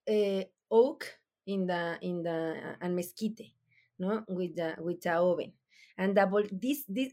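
A woman with a Mexican accent, a native Spanish speaker, explaining her production in halting English with many restarts as she searches for words. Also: medium pitch. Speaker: mezcal producer. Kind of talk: interview answers.

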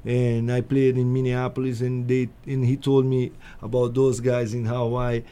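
A man's voice: medium pitch, completely flat delivery, normal speed, mellow, smooth. A man from Brazil, a touring musician, chatting easily as a guest on a talk show. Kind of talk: casual interview chat.

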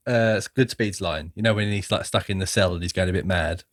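A man's voice: low voice, fairly quick. A man co-hosting a casual film podcast, laughing often and mimicking movie lines between fillers. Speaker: podcast co-host.

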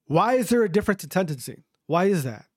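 A man's voice: high voice, big pitch swings, quick pace, no room sound, studio quality. A man hosting his own podcast, speaking in an emphatic, repetitive and profane rant. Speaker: podcast host.

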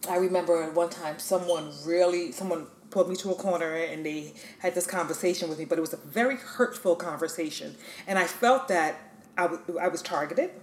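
Low-voiced woman giving a motivational talk. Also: a little fast, slight background noise. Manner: emphatic, encouraging, speaks straight to the listener. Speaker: podcast host. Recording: echoey room.

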